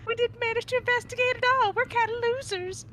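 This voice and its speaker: A woman voicing a polite young female companion in a game dub, earnest and gently fretful. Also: very high-pitched, steady tone, fast, pitched above the performer's own voice.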